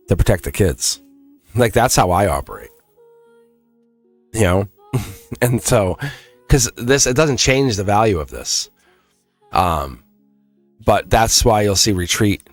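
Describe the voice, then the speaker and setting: A deep-voiced man from England, speaking with a Boston accent, gives a casual, rambling tarot reading on a livestream, chuckling and restarting phrases. There's no echo in the recording.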